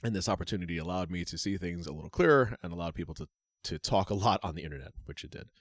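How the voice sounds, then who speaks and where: A man's voice: deep voice, lively intonation, racing, no room sound, clean studio sound. A man co-hosting a podcast, reading wrestling news items aloud and adding joking asides. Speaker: podcast co-host. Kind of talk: casual wrestling news chat.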